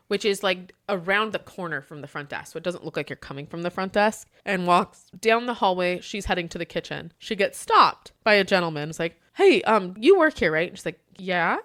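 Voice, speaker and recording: A woman who manages a hotel front desk, telling a story in a casual chat, laughing often and acting out the people she quotes. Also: lowish voice. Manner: animated, laughs often, acts out quoted dialogue.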